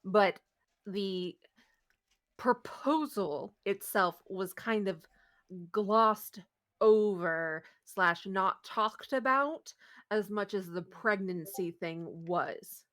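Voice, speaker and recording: A woman's voice: medium pitch, very slow, fairly bright tone. A woman playing a tabletop role-playing game, chatting in character and out with many fillers and restarts. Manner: rambling, giggly, full of fillers. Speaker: player.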